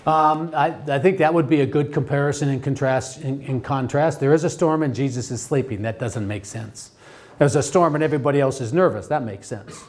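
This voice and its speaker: A man's voice: mid-range voice, darkish tone. Male teacher leading a Bible class. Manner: halting, with frequent restarts and questions to the class. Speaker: theology teacher. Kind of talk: interactive Bible study lecture.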